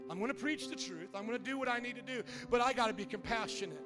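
A man's voice: very high voice, fast. A male pastor in his thirties preaching a sermon in a church, with impassioned, rising prayer and near tears. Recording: music playing under the voice.

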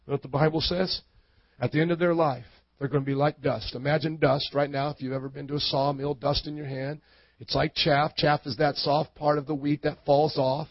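A male pastor giving a sermon, talking conversationally and building up to loud preaching. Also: a little high, level tone, fairly quick, no echo, dull audio.

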